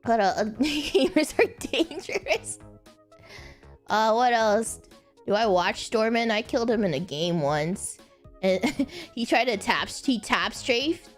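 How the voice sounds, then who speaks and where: A young woman streaming casual chat, giggling often and breaking into high laughter. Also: animated, takes it slowly, faint music behind. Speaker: VTuber streamer.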